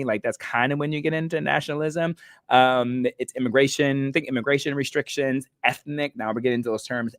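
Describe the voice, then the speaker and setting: A man's voice: mid-range voice, no echo, clean studio sound. A man hosting a talk show, explaining terms in a casual, chatty way with many fillers and self-corrections. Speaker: host.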